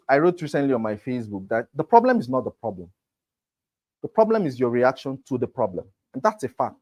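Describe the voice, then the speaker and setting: Energetic man teaching sales. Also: fairly high pitch. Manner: energetic, emphatic, talks straight to the class. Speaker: real estate sales trainer. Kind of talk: motivational class lecture.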